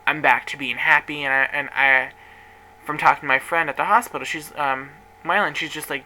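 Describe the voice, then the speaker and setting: Young man, chatty gossip storyteller, very bright sharp tone, slight background noise. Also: a little high, steady tone, fairly quick, low-quality recording. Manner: chatty, dramatic, swears freely. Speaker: vlogger. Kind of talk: casual storytelling to camera.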